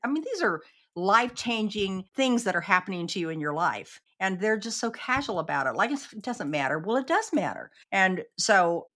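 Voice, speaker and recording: A woman's voice: medium pitch, sing-song, normal speed, pushed and bright. A woman guest on an interview podcast telling a personal story earnestly and acting out the quoted exchanges.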